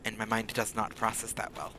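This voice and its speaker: Rambling man streaming a game. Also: fairly low pitch. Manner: rambling, often speeds up into rapid talk. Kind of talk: casual chat while streaming a game. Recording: steady background noise.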